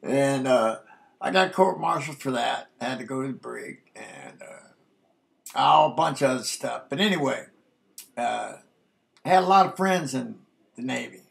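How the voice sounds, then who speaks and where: A man's voice: mid-range voice, lively intonation, normal speed. An older man telling a rambling, folksy story from his past, dropping "man" into nearly every sentence. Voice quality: gravelly. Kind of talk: casual spoken memoir.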